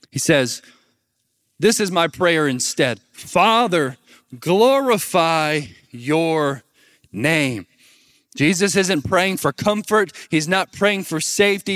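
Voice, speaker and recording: Young man, high voice, animated preaching, dry close sound. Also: no room sound. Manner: animated preaching, asks the crowd to repeat words. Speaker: pastor. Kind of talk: sermon.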